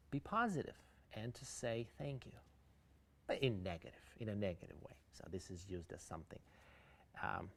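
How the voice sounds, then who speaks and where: Giving an online English lesson, a man with a Ukrainian accent explains idioms, moves between English and Russian, and invites answers in the chat. His mid-range voice is gravelly with a fairly bright tone.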